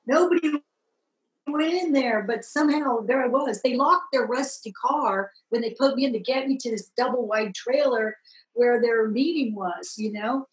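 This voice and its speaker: A woman from Southern California telling her conversion story in a lively, expressive way, acting out the people she met. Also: a little high, moderate pace, roomy sound, poor audio. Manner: lively, acts out voices in the story, rises to excited peaks. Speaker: guest telling her testimony. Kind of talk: animated personal storytelling.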